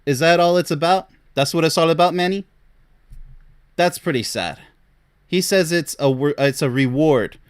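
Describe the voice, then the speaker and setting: A man with a slightly high voice gives exasperated commentary as a relationship coach. He scolds and sounds incredulous, and he breaks into short laughs of disbelief between remarks. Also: normal speed, long pauses, clean tone. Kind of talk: reaction commentary.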